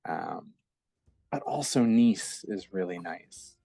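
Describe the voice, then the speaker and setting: Deep slow-talking man, hesitant. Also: lively intonation, creaky, dark tone, dry recording, soft background music. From Eastern United States. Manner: hesitant, many ums and restarts. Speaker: guest. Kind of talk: casual interview chat.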